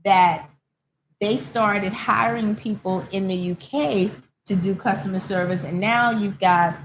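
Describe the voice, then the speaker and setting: A woman hosting a casual chat in a hair salon, telling stories with lively quoted dialogue. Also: medium pitch, unhurried, slight background noise, poor audio. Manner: animated storyteller, acts out quoted callers. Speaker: host.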